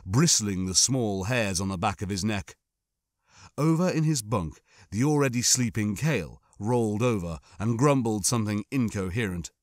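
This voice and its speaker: A man narrating an audiobook in a measured, somber, dramatic reading. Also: medium pitch, dry recording, studio quality.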